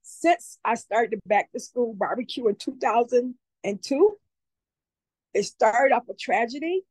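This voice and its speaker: A woman's voice: high-pitched, no room sound, poor audio. A woman speaking as a community advocate guest, giving heartfelt, emotional testimony and often repeating herself.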